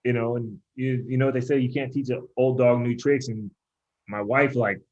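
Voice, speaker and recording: A man's voice: medium pitch, steady tone, moderate pace, a little mellow. Rambling young man, muffled audio. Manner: rambling storyteller, heavy use of "like", acts out voices in quotes. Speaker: pro baseball pitcher, podcast guest. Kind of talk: casual chat.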